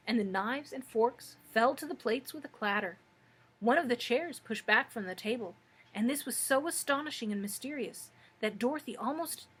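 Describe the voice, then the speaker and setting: A woman who works as a librarian, reading a children's book aloud with steady, expressive storytelling. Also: fairly high pitch, husky.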